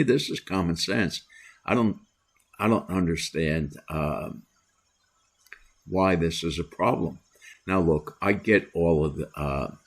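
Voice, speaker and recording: An older American man hosting a solo commentary, talking in a deliberate, opinionated way with many "uh" pauses. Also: sits low, a little mellow, slightly rough. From United States. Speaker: commentary host.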